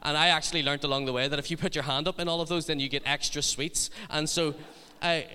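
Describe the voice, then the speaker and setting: A man's voice: on the high side, steady tone, quick pace, sharp tone, clean tone, big-room sound. A man, a youth ministry leader telling humorous stories in a sermon. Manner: humorous, chatty anecdotes. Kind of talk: sermon storytelling.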